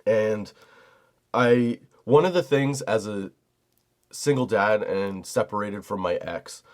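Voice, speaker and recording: Podcast host, middle-aged man, low-pitched, profane heated storyteller. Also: a little mellow. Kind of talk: storytelling monologue.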